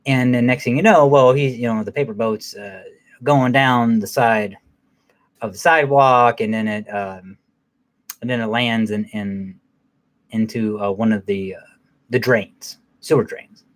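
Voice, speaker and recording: A man's voice: mid-range voice, a little slow. A man giving a casual, profanity-heavy movie recap in a rambling way, with many fillers and restarts. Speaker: movie reviewer.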